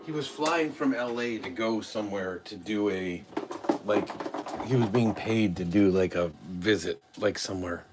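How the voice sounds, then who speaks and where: A man's voice: on the low side, moderate pace, noisy background. A middle-aged father chatting casually on a family live stream, a rambling storyteller full of "like" fillers.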